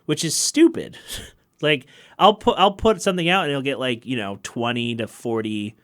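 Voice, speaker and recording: Over loud keyboard music, a musician hosting his own podcast talks casually by himself in a mid-range voice at a moderate pace. His rambling chat is wry and punctuated by frequent laughter.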